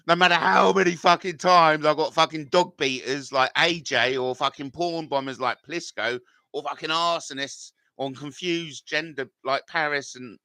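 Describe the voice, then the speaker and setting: A man's voice: fairly high pitch, pushed and bright, dry recording, clean studio sound. A middle-aged man, live-streaming and reading out chat comments in a combative, rambling way full of swearing.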